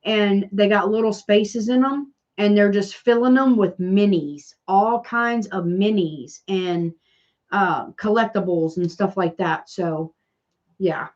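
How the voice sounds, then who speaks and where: Southern woman, crafting livestream host, slow rambling chat with viewers, slightly dull lo-fi sound. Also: medium pitch, a little mellow. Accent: Southern American. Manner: rambling, chatty, reads and answers live comments.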